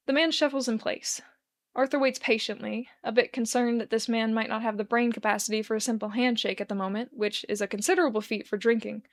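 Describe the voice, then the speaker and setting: A woman giving an expressive, measured reading of a fan-written story. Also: on the high side. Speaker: fanfic reader.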